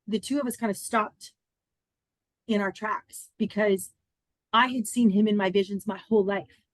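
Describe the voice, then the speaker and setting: A woman in her fifties, a podcast guest, telling a personal story in an earnest, animated, chatty way with many fillers. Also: medium pitch, moderate pace, no echo.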